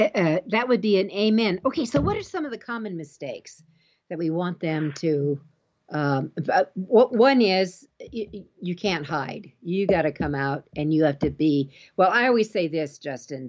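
A woman with a low voice hosts the interview, stumbling over her opening words before settling into firm, emphatic advice. The sound is dull and lo-fi. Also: darkish tone. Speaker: interview host. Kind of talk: casual interview chat.

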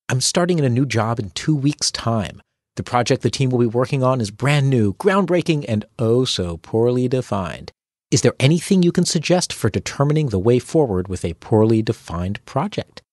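A man's voice: medium pitch, a little mellow, no echo, studio quality. A man hosting a tips podcast, reading a script with playful, dramatic asides. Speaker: podcast host.

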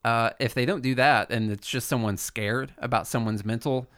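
A man's voice: mid-range voice, steady tone, normal speed, a bit bright. A man co-hosting a podcast, explaining his points in casual talk with many fillers. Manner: explanatory, filler-heavy, speeds up telling stories. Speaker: podcast co-host. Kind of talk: casual political podcast chat.

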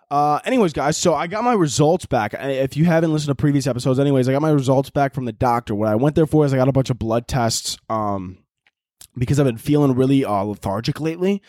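A young man hosting a comedy podcast, ranting and swearing, his voice leaping high when he gets worked up. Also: fast talker, a little mellow, no echo, clean studio sound. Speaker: podcast host. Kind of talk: comedic rant.

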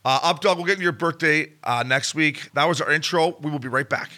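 A man's voice: on the high side, fast, heavy background noise. A man co-hosting a podcast, chatting casually and hyping up sponsors and guests in an upbeat way. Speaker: podcast co-host. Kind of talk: casual chat.

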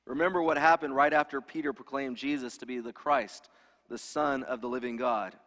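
A man's voice: medium pitch, steady tone, fairly quick, a bit bright. A man preaching a sermon in a conversational way, asking his congregation rhetorical questions. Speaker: pastor. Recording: long hall reverb.

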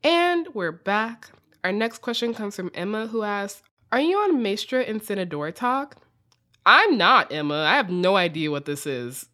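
A woman's voice: medium pitch, sing-song, unhurried, sharp tone. A woman with an American accent hosting a podcast, chatting casually, reading listener questions and often saying "like". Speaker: podcast host. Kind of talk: casual chat.

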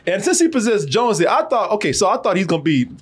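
A man hosting a casual movie review podcast, animated and profane, laughing often and slipping into funny voices. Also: high-pitched, quick pace, slightly rough. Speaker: podcast host.

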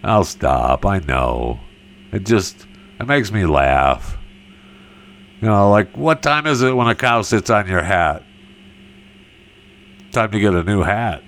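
A man telling a string of corny cow jokes in a slow delivery and laughing at his own punchlines. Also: on the low side, expressive, a bit bright. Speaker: joke teller.

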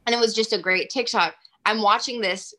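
Young woman, bright, tense tone, chatty interview guest peppering every line with "like.". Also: fairly high pitch, brisk. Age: 20s. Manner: chatty, heavy use of "like", animated. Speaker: singer-songwriter guest. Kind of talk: casual interview storytelling.

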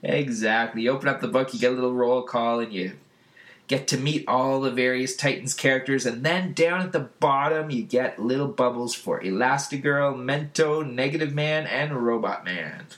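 A man casually recapping a comic book on a podcast, often laughing and jumping into high put-on voices for the characters. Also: moderate pace, fairly bright tone. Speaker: podcast host.

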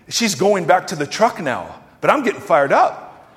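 A man preaching a sermon as pastor, emphatic and animated, firing rhetorical questions at the congregation. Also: high voice, normal speed. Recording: long hall reverb.

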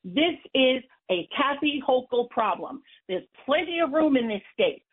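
A woman's voice: high voice, sing-song, measured pace, slightly rough. A woman city council member from New York, speaking firmly and emphatically as a guest on a call-in show. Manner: firm and emphatic. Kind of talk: phone-in interview. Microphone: phone line. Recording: tinny phone line.

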